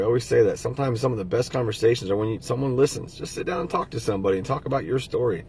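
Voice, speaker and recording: A man's voice: medium pitch, animated, racing, hardly any pauses, darkish tone, a little hiss or hum. A middle-aged man talking casually and earnestly to his viewers, giving heartfelt motivational advice. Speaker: motivational vlogger. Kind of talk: casual motivational talk to camera.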